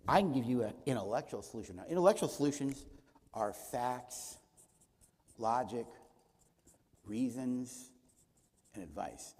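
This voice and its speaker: A man's voice: mid-range voice, animated, measured pace, long pauses, a little mellow, husky, long reverb tail. A man giving a teaching talk at a church conference, posing rhetorical questions and answering them himself, with short acted dialogues. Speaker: conference speaker. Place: church auditorium.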